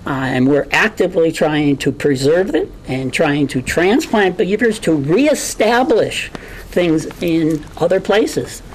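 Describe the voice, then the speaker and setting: A woman with an Idaho accent giving an earnest, impassioned candidate forum speech, halting at times with many fillers. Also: sits low, animated, a little mellow, slight background noise, rough recording.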